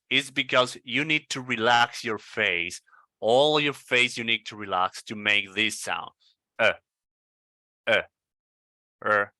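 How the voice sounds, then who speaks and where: Man, Spanish native, English pronunciation coach, very bright voice, slow careful repetitions, dry close sound, video call. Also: mid-range voice, no room sound. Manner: slow, repeats words over and over to model sounds. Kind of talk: online pronunciation lesson.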